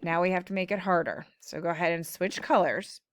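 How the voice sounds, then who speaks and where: A woman's voice: lowish voice, fairly even intonation, dry recording. A woman teacher patiently explaining syllable patterns in a classroom phonics lesson. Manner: slow, patient explaining with drawn-out words.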